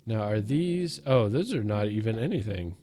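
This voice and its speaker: A man's voice: lowish voice, animated, normal speed, dark tone, soft background music. Jokey man chatting over gameplay. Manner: jokey, talks to himself and the zombies, self-mocking. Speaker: gaming let's-play host. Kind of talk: casual gameplay commentary.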